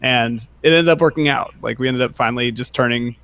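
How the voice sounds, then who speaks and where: A man's voice: mid-range voice, fairly quick, a bit bright, smooth. A man co-hosting a gaming podcast in a tired, worn-out voice, rambling with lots of fillers. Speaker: podcast co-host. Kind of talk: casual podcast chat.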